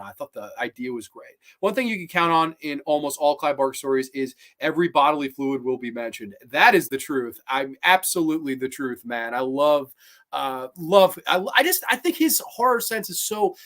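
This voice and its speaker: Hosting a horror review livestream, a man talks casually and responds to viewer comments, rambling, swearing and getting excited. His voice is mid-range and fairly quick.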